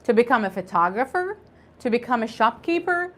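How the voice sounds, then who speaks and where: A woman's voice: on the high side, sing-song, fairly quick. A woman teaching an online English conversation class, patiently spelling out words and drilling pronunciation.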